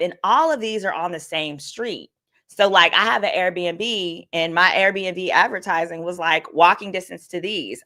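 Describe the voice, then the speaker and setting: A woman's voice: medium pitch, bright, forceful tone. A woman attorney hosting a casual livestream of legal commentary, talking candidly and reading viewer comments aloud. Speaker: attorney and host.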